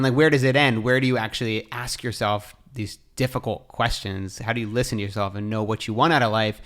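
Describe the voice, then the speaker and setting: A man's voice: mid-range voice, fairly bright tone. A man hosting a podcast, asking curious, casual questions in conversation. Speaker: podcast host. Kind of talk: conversational interview.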